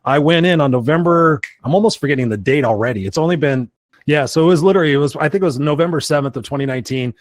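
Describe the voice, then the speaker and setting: A man in his fifties telling his life story as a guest in an interview, animated, acting out other people's lines and swearing casually. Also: a little high. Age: 50s. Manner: fast, animated storytelling, acts out voices of others.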